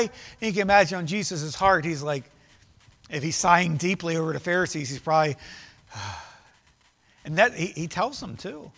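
A male pastor delivers a sermon with fervent emphasis, often slipping into quoted voices, in a high, bright, forceful voice with vocal fry. He is animated, speaks at a moderate pace and pauses often. His voice carries through a church sanctuary with long, ringing reverb.

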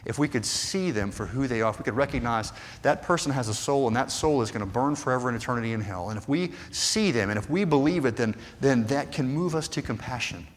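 Man, preacher, sermon, earnest, hushed to fervent, mid-pitched, long hall echo. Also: expressive, fast, few pauses.

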